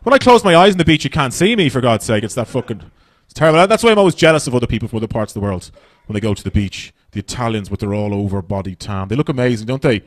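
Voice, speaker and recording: A man's voice: medium pitch, rapid-fire, few pauses, dry recording. An Irish man in his thirties doing a stand-up comedy set on a club stage, chatty and swearing as he tells stories. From Ireland. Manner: chatty, swearing, animated storytelling.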